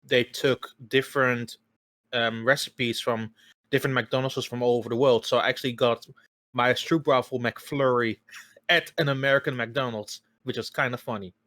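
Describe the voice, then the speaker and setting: A man from the Netherlands chatting casually on a podcast, animated and quick to laugh. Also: mid-range voice, no echo. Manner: animated storyteller, laughs often. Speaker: podcast guest. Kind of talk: casual chat.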